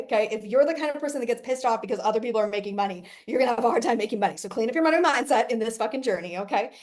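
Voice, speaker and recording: Brash, swearing woman coach, casual monologue, laughs a lot. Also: a little high. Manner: brash, profane, laughs often. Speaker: business coach.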